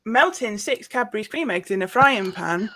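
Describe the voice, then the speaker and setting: A woman's voice: medium pitch, lively intonation, normal speed, bright, forceful tone. A woman performing a self-deprecating stand-up comedy set on a stage microphone, landing punchlines. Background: audience laughter.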